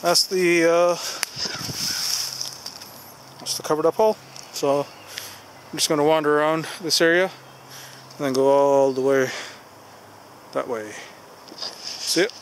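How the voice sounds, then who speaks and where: A man chatting casually to viewers while metal detecting outdoors, talking slowly and musing to himself as he digs, sometimes out of breath. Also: fairly high pitch, fairly even intonation, poor audio. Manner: slow, musing, talks to viewers while digging. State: out of breath at times. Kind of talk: casual outdoor commentary to camera. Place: outdoors in a rural field. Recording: loud outdoor noise.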